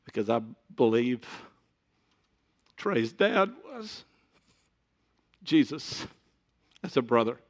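Gravelly middle-aged preacher. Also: male voice, mid-range voice, sing-song, slow, pauses often. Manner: conversational, joking asides to the congregation. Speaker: pastor. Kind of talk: sermon.

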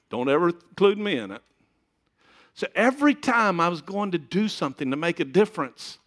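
Gravelly middle-aged preacher. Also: male voice, on the high side, fairly bright tone. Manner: conversational, joking asides to the congregation. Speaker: pastor. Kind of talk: sermon.

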